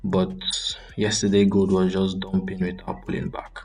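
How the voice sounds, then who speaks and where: A man's voice: low-pitched, completely flat delivery, moderate pace, gravelly, mellow, husky. A young man hosting a trading channel, casually talking through a live screen-share trade breakdown with frequent ums and self-corrections.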